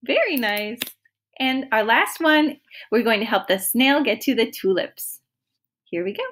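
A woman music teacher giving a slow, encouraging online lesson to young children. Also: a little high, lively intonation, a bit bright. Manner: slow, encouraging, sings vocal slides on ooh.

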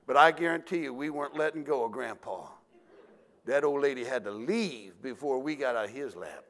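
Folksy older male pastor telling stories. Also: mid-range voice. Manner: folksy storytelling, acts out voices and shouts. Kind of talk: sermon.

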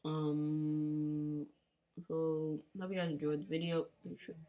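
Woman, gaming channel host, low voice, casual rambling commentary, mumbles and hums, repeats words. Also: little pitch movement, slow, dark tone.

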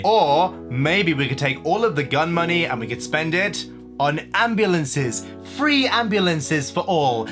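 Young English guy, high voice, bouncy pitch, joking vlog rant, goofy word play. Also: normal speed, soft background music. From England. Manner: playful and animated, with silly made-up words. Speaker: YouTube vlogger. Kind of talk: comedic talking-to-camera vlog.

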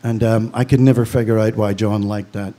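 A man's voice: lowish voice, steady tone, brisk, warm tone. A man from Belfast with a Northern Irish accent, giving a eulogy with dry, storytelling humor. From Belfast, Northern Ireland. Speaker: funeral speaker.

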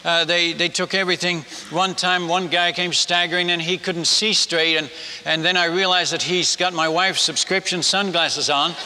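Older Dutch-accented man, folksy storytelling preacher, fairly high voice, faint hiss behind. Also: fairly even intonation, moderate pace, sharp tone. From Netherlands. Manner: folksy, humorous, with many restarts. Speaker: missionary speaker. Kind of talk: storytelling sermon. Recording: long hall reverb with faint noise.

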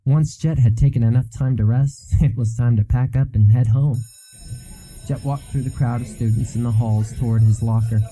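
A man narrating a fantasy novel as an audiobook in a steady, even storytelling manner. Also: medium pitch, moderate pace, soft background music, low-quality recording.

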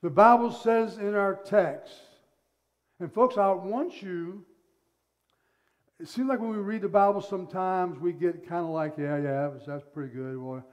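Male pastor, animated storyteller in the pulpit, high-pitched, slow delivery. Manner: animated storytelling, acting out scenes. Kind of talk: sermon.

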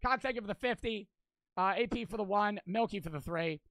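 A man's voice: high voice, brisk, a bit bright, no echo. A young man livestreaming for charity, casually thanking donors one after another, cursing constantly and a little out of breath.

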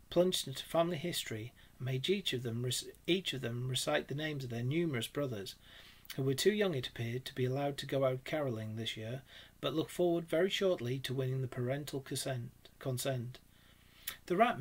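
A man, a teacher, reading a classic storybook aloud in a steady, expressive way. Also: medium pitch, slightly rough.

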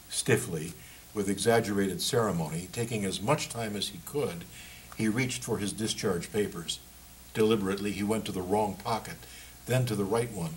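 A man reads a passage from his own book in an even, measured delivery. His voice sits on the low side, with a faint hiss of noise under it. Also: rough recording. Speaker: author reading his book. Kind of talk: book reading.

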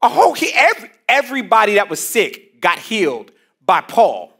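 A man's voice: high-pitched, huge pitch swings, normal speed, fairly bright tone, slightly rough. A man leading a church Bible study on a headset mic, teaching with energy, casual slang and call-and-response lines to the room.

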